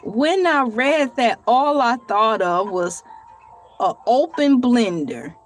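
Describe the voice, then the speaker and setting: A woman vlogger with a raised voice speaks slowly and talks straight to her viewers. She reads aloud and breaks off into playful, theatrical jokes and laughter. Faint music plays behind her. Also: fairly high pitch, expressive. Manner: colloquial, addresses viewers as y'all. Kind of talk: casual solo vlog, reading aloud and joking.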